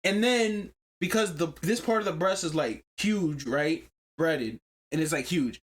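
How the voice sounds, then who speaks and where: A man's voice: fairly high pitch, measured pace. A man co-hosting a podcast, telling a story in a casual chat, slangy and profane. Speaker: podcast co-host.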